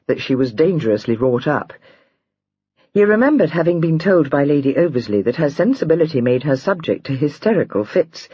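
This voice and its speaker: A woman narrates a novel in a measured, expressive way, her pitch moving a good deal. Her voice is slightly husky. The recording is dry and a little dull, with no room sound. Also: no echo. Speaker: audiobook narrator. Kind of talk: scripted narration of a historical romance.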